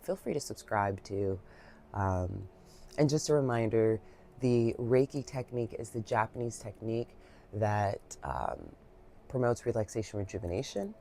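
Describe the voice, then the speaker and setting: A woman giving a reflective guided Reiki talk, soft-spoken, heartfelt and rambling, with many fillers, a little emotional. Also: a bass voice, a little hiss or hum. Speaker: Reiki practitioner.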